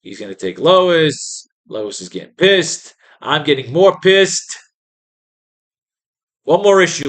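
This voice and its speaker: A man with a slightly high voice rants through comic pages in crude, exasperated bursts. He hosts a writing class and picks apart what he reads. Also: big pitch swings, slow pace, pauses often. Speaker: host. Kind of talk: profane comic-reading commentary.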